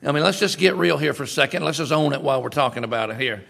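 Gravelly-voiced preacher in a reverberant church. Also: male voice, fairly high pitch, very fast. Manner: animated, conversational preaching with sudden loud bursts. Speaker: pastor. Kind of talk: sermon.

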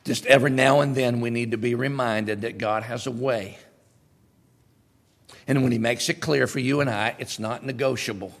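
A male pastor preaching a sermon in an animated, conversational way, with sudden loud bursts. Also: mid-range voice, moderate pace, long reverb tail.

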